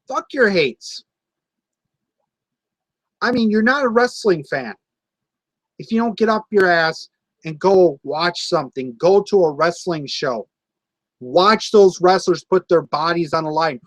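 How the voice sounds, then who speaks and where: A wrestling vlogger in his late twenties rants angrily to camera about wrestling fans, swearing and repeating himself. His voice is high-pitched and a bit bright. The recording is low quality, with no echo.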